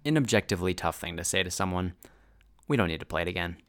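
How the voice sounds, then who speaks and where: A man's voice: low voice, lively intonation, fast talker, very noisy. A man talking over a recording of his stage performance, recalling how he played each line in a candid, self-deprecating way. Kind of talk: reflective voice-over commentary.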